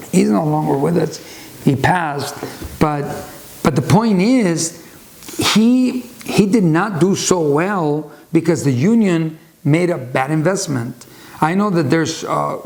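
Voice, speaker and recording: In a slightly high, gravelly, somewhat mellow voice, a man hosting a YouTube channel rambles casually through a book recommendation. The talk is unscripted, with many restarts and side stories.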